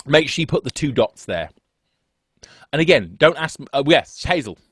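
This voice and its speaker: A man's voice: a little high, sing-song, moderate pace, a bit bright, breathy edge, dry recording, studio quality. A man teaching an online music theory lesson on a video call, chatty and self-deprecating, wandering off into asides. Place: home setup with two screens. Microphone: desk microphone on a video call.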